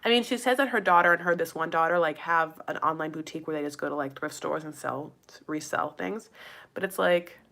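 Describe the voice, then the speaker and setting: Chatty low-voiced woman vlogger. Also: brisk, creaky, pushed and bright. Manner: chatty, heavy on "like" fillers, playful asides; addresses viewers directly as "you guys" and "honey". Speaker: recap vlogger. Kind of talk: casual gossipy recap chat.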